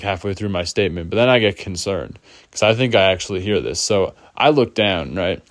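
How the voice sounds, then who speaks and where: Low-voiced man rambling through a story. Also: no echo, clean studio sound. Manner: rambling, full of "like" fillers, laughs often. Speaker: storyteller vlogger. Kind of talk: casual storytime.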